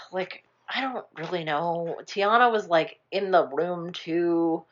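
A woman's voice: lowish voice, takes it slowly, lo-fi sound. A young woman chatting casually, rambling through a movie plot, swearing now and then and acting out the characters' lines. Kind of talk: casual chat retelling a movie.

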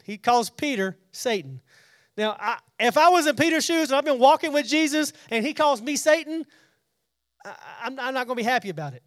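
High-voiced man teaching scripture casually. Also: lively intonation, fairly quick, fairly bright tone, no room sound, clean studio sound. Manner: conversational, repeats and restarts words, paraphrases scripture in everyday speech. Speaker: preacher.

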